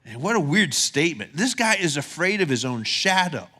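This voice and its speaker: A man's voice: fairly high pitch, big pitch swings, normal speed, sharp tone. A male pastor preaching a sermon in a conversational way, with humorous asides and stumbling restarts.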